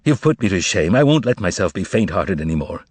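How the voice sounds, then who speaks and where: A man's voice: low-pitched, big pitch swings, fairly quick, husky, no room sound, heavily acted. A man voicing a weary, troubled writer who speaks firmly, with a wry, resigned edge, in an audiobook.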